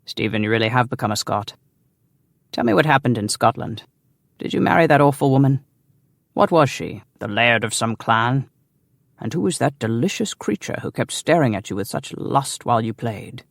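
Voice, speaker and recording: A man voicing a sly, teasing English nobleman with a deep voice. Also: animated, moderate pace, gravelly, no room sound. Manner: mocking, playful.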